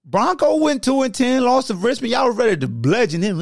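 A man in his forties hosting a sports podcast, ranting loudly in slangy talk and arguing back and forth with himself. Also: extremely high pitch, very animated, moderate pace, creaky, hardly any pauses, dry recording, clean studio sound. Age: 40s. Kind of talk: heated sports rant in an alter-ego persona.

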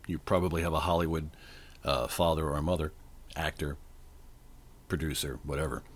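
A man in his forties or older, slightly hoarse, hosting a casual trivia quiz podcast with a playful, joking manner. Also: extremely low pitch, steady tone, moderate pace. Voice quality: playful, jokey. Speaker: podcast host. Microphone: desk microphone.

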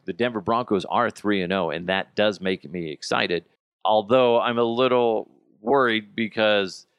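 A man's voice: on the low side, fairly bright tone, dry recording, clean studio sound. A man in his thirties hosting a podcast, telling rambling stories in a casual, self-amused way. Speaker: podcast host. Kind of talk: casual chat.

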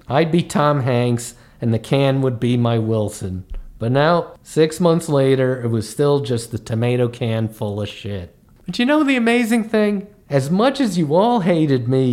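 An actor playing a middle-aged male comedy writer held hostage, defiant and wisecracking in scripted comedy dialogue. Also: a little high. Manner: sardonic, quick, defiant wisecracks.

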